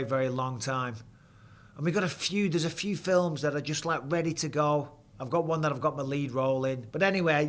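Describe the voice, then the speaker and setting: A middle-aged man hosts a live fight stream in casual commentary. He talks bluntly and swears freely, with an easy, chatty manner. His voice sits a little high for a man. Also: a bit bright. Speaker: host.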